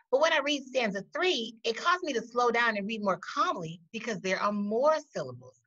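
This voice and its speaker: Teacher, woman, slow deliberate classroom delivery, lively pitch, muffled recording. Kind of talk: recorded poetry lesson. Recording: dull lo-fi audio.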